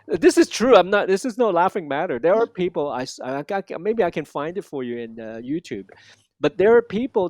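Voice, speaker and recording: A man coaching a student one on one, modeling lines slowly and repeating them with lively energy. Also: a little high, dry recording. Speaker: accent coach. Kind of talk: one-on-one language lesson.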